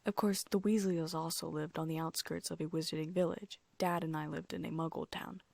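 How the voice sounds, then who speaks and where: A woman reading a first-person audiobook story in a steady way, with the odd slip and restart. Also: low voice, a little fast, vocal fry, no room sound. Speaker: audiobook narrator.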